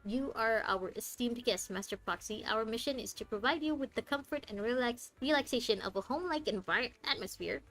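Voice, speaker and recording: A woman voicing a courteous, formal male butler, speaking in a polite, measured way. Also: a little high, a bit bright, poor audio.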